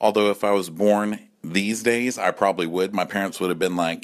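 A man's voice: low voice, fairly even intonation, brisk, few pauses. A man in his forties delivering a campy, profane comic monologue at home, often acting out other voices. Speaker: comedy podcast host.

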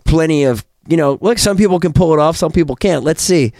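A man's voice: on the high side, a little fast, a little mellow, dry recording, clean studio sound. A man telling stories bluntly and swearing freely in a casual chat as a podcast co-host.

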